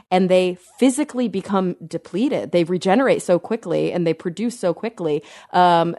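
A woman co-hosting a podcast, explaining science in a chatty way, thinking aloud with fillers and quick self-corrections. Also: fairly low pitch, gravelly, darkish tone, dry recording, clean studio sound. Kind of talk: casual science chat.

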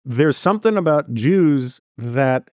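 A man's voice: mid-range voice, animated, slow, darkish tone, no room sound, studio quality. A man as a podcast guest giving earnest commentary in long run-on sentences. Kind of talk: conversational commentary.

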